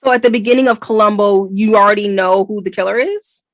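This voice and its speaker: A woman's voice: mid-range voice, fast talker, no echo. Chatty American woman, dry close sound. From United States. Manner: animated, chatty, digressive. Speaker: podcast co-host. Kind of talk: casual book review chat.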